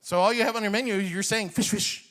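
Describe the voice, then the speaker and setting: Brief: male stand-up comic in his forties from Iran, lively and high-pitched, long hall reverb. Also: fast talker. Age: 40s. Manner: animated, chuckles at own jokes. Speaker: comedian. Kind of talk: stand-up comedy.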